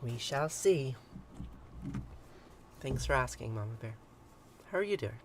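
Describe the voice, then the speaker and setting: Man, mid-pitched, casual livestream host; reads a myth aloud, chuckles often, hesitant with ums, talks into a computer mic. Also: expressive, unhurried, a little hiss or hum. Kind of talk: reading a myth aloud and chatting with viewers.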